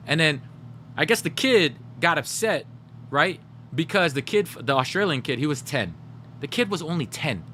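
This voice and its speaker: A man's voice: medium pitch, animated, brisk, bright, forceful tone, a little hiss or hum. A man streaming live, chatting casually with his viewers and telling stories straight to chat. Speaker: gaming livestreamer.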